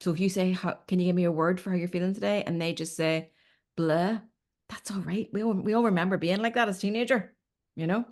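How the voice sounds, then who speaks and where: A woman's voice: fairly low pitch, fast talker. A woman in her fifties, a relationship coach chatting as a guest and acting out little stories. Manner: animated storyteller, acts out quotes, says "okay?" often. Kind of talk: casual advice chat.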